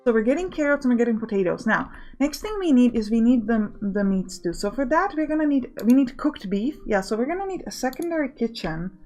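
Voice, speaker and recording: A woman's voice: fairly high pitch, lively intonation, brisk, hardly any pauses, darkish tone, soft background music. A woman hosting a let's play, talking casually as she thinks aloud and gives orders to her game workers. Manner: chatty, thinking aloud, bossing game units.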